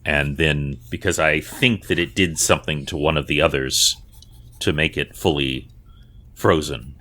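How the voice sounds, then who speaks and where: A man voicing a young woman just thawed from ice, her hair turned gray, who speaks in halting, broken restarts. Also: rumbling low, sharp tone, heavily acted. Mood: haunted. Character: young woman freed from ice, now gray-haired, shaken and urgent.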